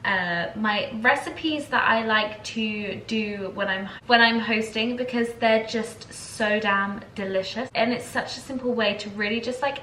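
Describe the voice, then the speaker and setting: A woman's voice: medium pitch, fairly bright tone, a little hiss or hum. A young woman, chatting casually and gushingly in a lifestyle vlog at home. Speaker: lifestyle vlogger. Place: home, indoors. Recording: echoey home room with faint ambience.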